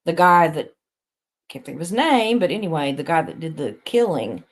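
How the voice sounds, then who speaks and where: A woman's voice: deep voice, sing-song, moderate pace. A woman, hosting a casual livestream, rambling chattily to her viewers and laughing often. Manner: talks to viewers reading chat. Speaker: live stream host.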